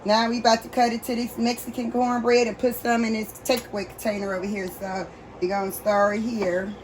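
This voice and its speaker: A woman's voice: on the high side, level tone, fairly quick. A woman hosting a casual home cooking vlog in her kitchen, chatting to viewers as y'all. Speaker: cooking vlogger. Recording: noisy home recording.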